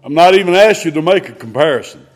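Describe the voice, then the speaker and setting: A man preaching a sermon in a folksy, conversational way, swinging between loud emphasis and hushed asides. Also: fairly high pitch, animated, quick pace.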